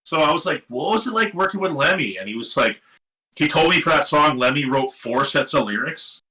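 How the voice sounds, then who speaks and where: Animated, bright-voiced man telling a story. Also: on the high side, fairly quick, rough recording. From Seattle area. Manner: animated, swearing, quotes others in lively voices. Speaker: guest musician. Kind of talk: casual storytelling interview. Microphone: live stream microphone.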